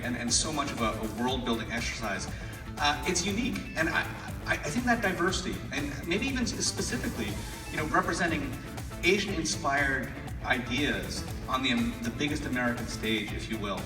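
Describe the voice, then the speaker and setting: A man moderating a convention panel, introducing the cast with loud energy. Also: medium pitch. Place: large convention hall. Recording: roomy hall, far from mic, crowd and music.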